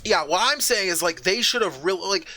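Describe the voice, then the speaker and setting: A man streaming a game, chatting casually in a rambling, profane way with excited outbursts. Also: high-pitched, a little fast. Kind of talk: casual chat while gaming.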